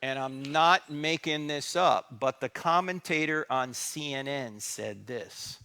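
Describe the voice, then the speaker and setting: A man's voice: a little high, a little slow, hardly any pauses, sharp tone, clean tone. A middle-aged man giving a talk in a church, dramatic and sarcastic, acting out bits of dialogue. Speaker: guest speaker. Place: church sanctuary.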